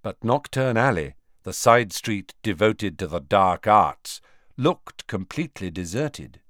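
A man narrating an audiobook with expressive storytelling on a close studio mic. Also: lowish voice, takes it slowly, dry recording. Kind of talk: scripted narration.

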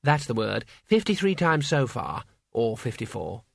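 A man's voice: medium pitch, very animated, a little slow, creaky, breathy edge, dry recording, clean studio sound, full character voice. A man voicing a small, cheerful old monk who speaks placidly and pleasantly in an audiobook reading.

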